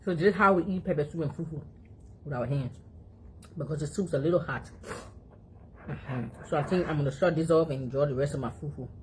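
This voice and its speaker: Chatty woman vlogger, very low voice, phone mic at home, faint background noise. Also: brisk, pauses often. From Africa. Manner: chatty, talks to her dog between mouthfuls, frequent chewing hums. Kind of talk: casual eating vlog chat.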